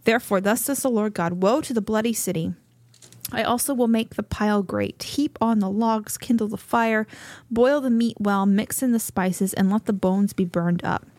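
A woman reads scripture aloud at a measured pace as co-host of a Bible study. She sounds slightly out of breath. The recording is dry and close, with no room sound. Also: medium pitch, dry recording. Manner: measured, steady scripture reading. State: a little out of breath.

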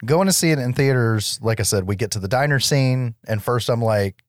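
Low-voiced, laid-back podcast man. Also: quick pace, no echo, studio quality. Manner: laid-back, wry, profane. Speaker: podcast co-host. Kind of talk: casual podcast film chat.

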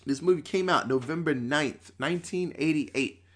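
A man in his thirties, a podcast host, chatting casually and profanely, acting out bits in quick voices. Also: a little high. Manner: loose and profane, acts out quotes. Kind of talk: casual chat.

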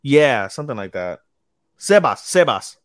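Speaking a little slowly in a sing-song, mid-range voice, this male co-host recaps an episode in a casual podcast chat. He rambles, curses, and keeps losing names partway through sentences. The recording is dry and clean, studio quality.

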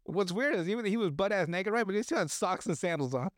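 A man's voice: high voice, expressive, fast, no echo, clean studio sound. A man hosting a podcast, casually recapping a movie in a loose, rambling way, swearing and laughing often. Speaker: podcast host.

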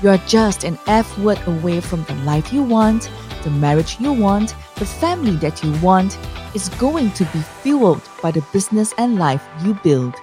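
A woman delivers a rousing, scripted podcast intro in a warm, dark-toned voice. Faint music runs underneath her. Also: medium pitch, very animated, moderate pace.

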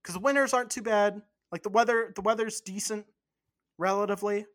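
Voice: mid-range voice, steady tone, a little fast, a bit bright. A podcast co-host in casual chat, rambling and cursing freely.

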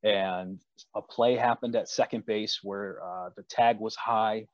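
A man's voice: on the low side, fairly even intonation, unhurried, no room sound, lo-fi sound. A man hosting a casual chat, telling stories with frequent restarts and repeated words. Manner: storytelling, many restarts.

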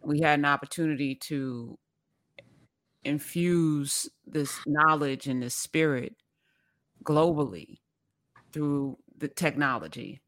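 Interview host, reflective, thankful, middle pitch. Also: slow, pauses often, fairly bright tone.

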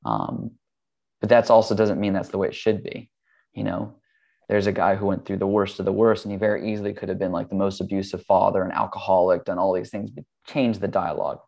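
Male guest, low-pitched, gravelly, earnest rambling storyteller. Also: fairly even intonation, brisk, darkish tone. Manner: earnest, rambling, frequent ums. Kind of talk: casual storytelling.

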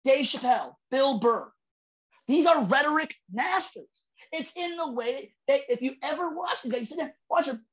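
A male comedian guest on a podcast, talking in a profane, emphatic way, building rhythm and bursting into shouts for emphasis. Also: very high voice, animated, moderate pace, highs cut off. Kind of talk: casual podcast chat.

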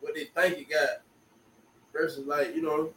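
A man's voice: fairly high pitch, flat delivery, measured pace, fairly bright tone. A man hosting a casual chat, drawling and repeating his phrases with slang. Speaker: podcast host. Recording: echoey room from far off.

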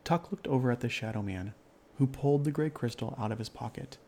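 A man narrating a children's fairy-tale story in a calm, measured way. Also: mid-range voice.

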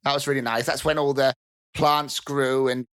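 A game master plays a mouse-folk queen in a tabletop game, chatty and quick to take offence. Her voice is bright and forceful and sits at an everyday middle pitch. She rambles along casually and turns indignant whenever her people's cuteness is questioned. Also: little pitch movement, clean tone, close to an everyday voice.

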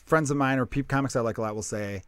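This male comedian talks fast in a mid-range, slightly bright, smooth voice, recorded with no room sound. Hosting a laid-back podcast conversation, he wanders off on tangents, curses, and cuts himself off mid-sentence.

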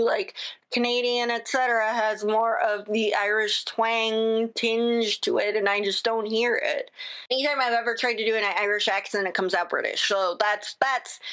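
A rambling, chatty woman on a solo podcast, who keeps breaking off mid-thought and starting over with "again." Her pitch sits in the middle, neither high nor low. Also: fairly bright tone. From United States. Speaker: podcast host.

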